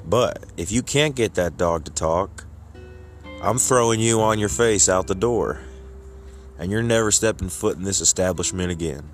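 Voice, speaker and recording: A man voicing a gruff, short-tempered bar owner who speaks in a stern, threatening way. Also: low-pitched, normal speed, faint music behind, close to an everyday voice.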